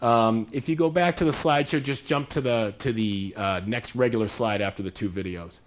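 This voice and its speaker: Giving a live, conversational workshop talk, a man speaks fairly quickly in a mid-range voice. He explains by acting out little scenes, complete with quoted voices.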